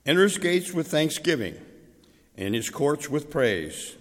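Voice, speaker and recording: A man reading a psalm aloud in a measured, solemn way. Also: fairly high pitch, very animated, a bit bright. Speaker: scripture reader. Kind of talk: scripture reading. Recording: hall reverb.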